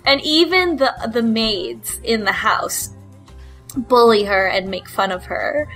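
A woman's voice: a little high, lively intonation, slow pace, fairly bright tone, faint music behind. A woman chatting casually as a book club panelist, hesitant and giggly, full of fillers. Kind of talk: casual podcast chat.

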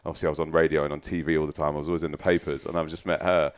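A man's voice: very deep voice, little pitch movement, rapid-fire. A man in his thirties from the United Kingdom, chatting candidly as a podcast guest, self-mocking and swearing freely. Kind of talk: casual chat.

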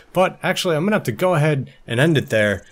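A man hosting a let's play, giving an upbeat, brisk sign-off at the end of a gaming video. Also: a little high, animated. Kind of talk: video outro.

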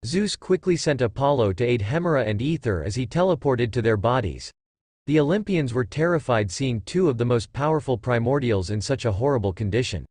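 A man narrating a fan-fiction story in a steady storytelling read. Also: medium pitch, no echo, clean studio sound. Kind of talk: reading fan fiction aloud.

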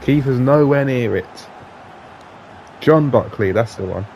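Excitable sweary gamer man. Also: medium pitch, unhurried, creaky, slight background noise. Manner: excitable, sweary, swings from shouting to flat grumbling. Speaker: gaming YouTuber. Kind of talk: live gameplay commentary.

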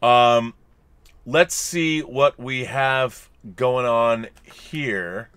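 His medium-pitched voice is clear and resonant, with drawn-out words and no echo. As co-host of a livestream podcast, he chats casually and animatedly, reading viewer messages aloud in playful voices with asides.

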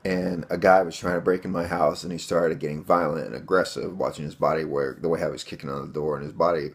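Gravelly low-voiced man telling a story. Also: fairly even intonation, fast. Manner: rambling, many fillers, addresses viewers as guys. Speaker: vlogger telling a home defense story. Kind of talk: casual storytelling to camera.

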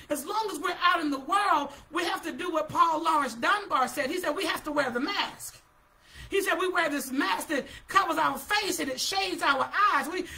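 A woman's voice: sits high, sharp tone. A woman preacher giving a fervent sermon, calling out to her listeners and repeating her words.

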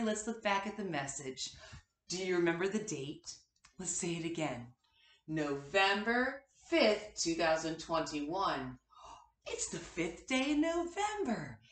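A woman teaching a kindergarten class its morning meeting, slow and encouraging as she speaks to small children. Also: fairly high pitch, a bit bright, echoey room.

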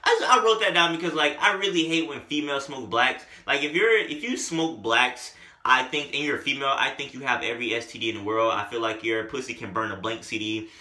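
A man doing a comedic music review, riffing in a joking, exaggerated, animated way. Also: mid-range voice, fairly quick. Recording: echoey room.

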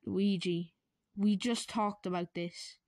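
A woman's voice: medium pitch, steady tone, takes it slowly, a little mellow, dry recording. A woman voicing a bossy, exasperated older brother plumber who keeps scolding his sibling.

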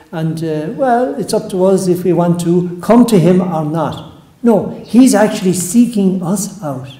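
Priest delivering a sermon; unhurried, soft trailing phrase ends, warm low timbre, roomy echo. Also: male voice.

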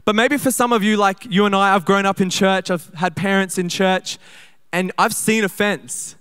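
A young man preaching at a church service in a fairly high, smooth and clear voice. He talks to the congregation in a relaxed, chatty way, speeding through asides and slowing down when he reads scripture aloud. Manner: conversational, quick bursts, slows to read scripture. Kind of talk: sermon.

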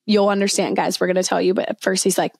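A woman's voice: mid-range voice, flat delivery, fast, vocal fry, a little mellow, breathy edge, no room sound. Young woman cohost, chatty storyteller, keeps restarting sentences, dry mic. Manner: chatty storyteller, many self-corrections and restarts. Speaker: podcast co-host. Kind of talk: casual chat.

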